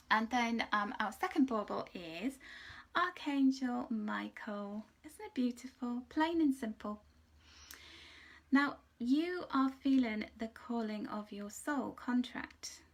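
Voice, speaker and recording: A woman giving a chatty, rambling angel card reading, sometimes dropping into soft whispered asides. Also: a little high. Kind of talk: casual spiritual card reading.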